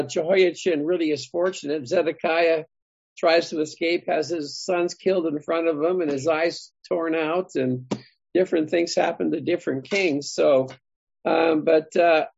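Bible study leader for a group teaching, gravelly and a bit raspy, muffled lo-fi sound. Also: mid-range voice, darkish tone, dry recording. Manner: thinking aloud, asks the group questions.

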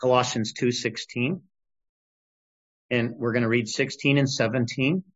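A man's voice: medium pitch, measured pace. Middle-aged guy preaching, chatty and fired up, kinda muffled lo-fi sound. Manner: informal, animated Bible teaching with scripture readings. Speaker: pastor. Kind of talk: sermon. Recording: dull lo-fi recording.

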